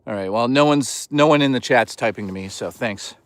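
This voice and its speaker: A man's voice: mid-range voice, brisk, no room sound. Joking man streaming from the woods. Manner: joking, loose and teasing with chat. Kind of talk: casual livestream chat. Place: outdoors in the woods.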